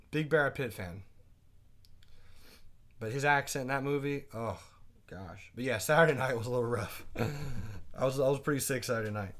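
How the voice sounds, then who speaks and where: A man teaching a live day trading class, chatting casually, asking his viewers quick questions and reading out their comments. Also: mid-range voice, a bit bright. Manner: asks quick questions to the audience.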